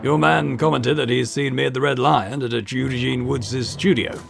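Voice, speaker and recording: A man reading a gravelly, polite professor. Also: mid-range voice, steady tone, normal speed, soft background music. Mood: cautious. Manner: formal, careful, polite. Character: polite male university professor, cautious and formal. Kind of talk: video game voice reading.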